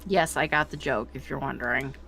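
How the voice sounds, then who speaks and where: A woman's voice: very deep voice, fairly even intonation, brisk, creaky, a bit bright. A woman chatting with a streamer, teasing him with dry banter. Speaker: co-host on stream. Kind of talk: casual chat.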